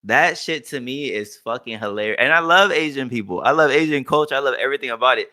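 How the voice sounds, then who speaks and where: A man's voice: mid-range voice, fast, sharp tone. A young man co-hosting a podcast, talking in loose, profane, joking banter. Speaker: podcast co-host. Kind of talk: casual chat.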